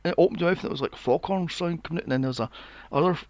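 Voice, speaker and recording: A man's voice: fairly high pitch, rapid-fire, a little mellow, no echo, lo-fi sound. A man in his forties, co-hosting a podcast, ranting sarcastically and swearing while reviewing a movie. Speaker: podcast co-host. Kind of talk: casual movie review chat.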